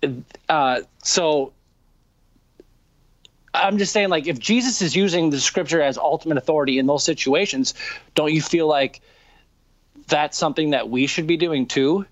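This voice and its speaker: A man with a fairly high voice makes his case through earnest, halting questions, restarting often. The sound is dull and lo-fi. It is dry, with no room echo. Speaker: debater. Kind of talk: theological debate.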